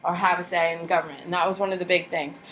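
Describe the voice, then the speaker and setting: A woman from the United States teaching a class history lecture, lively and blunt, asking the class many rhetorical questions. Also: lowish voice, very fast.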